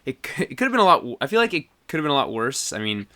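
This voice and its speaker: A man's voice: medium pitch, very animated, rapid-fire, sharp tone. A man co-hosting a podcast in casual chat, rambling, laughing often and trailing off mid-sentence. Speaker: podcast co-host.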